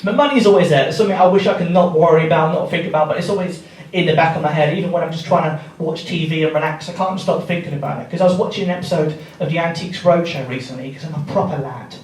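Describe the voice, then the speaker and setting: A man's voice: fairly high pitch, rapid-fire, hardly any pauses. A man doing stand-up comedy, laddish and swearing, laughing along with his own jokes. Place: theatre stage before a live audience. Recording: roomy theatre sound from a distant mic, loud audience. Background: audience laughter.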